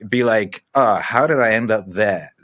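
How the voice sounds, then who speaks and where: A man's voice: on the low side, normal speed, fairly bright tone. Male guest, casual podcast talk, swears freely, rambling anecdotes. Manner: profane, rambling storyteller who acts out voices.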